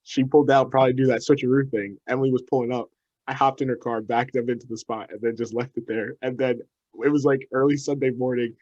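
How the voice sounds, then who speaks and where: A young man chats with friends on a podcast, laughing his way through his stories. His voice sits at an everyday middle pitch. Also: fairly even intonation, a little mellow, highs cut off. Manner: laughing storyteller, quick asides. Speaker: podcast co-host. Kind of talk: casual chat.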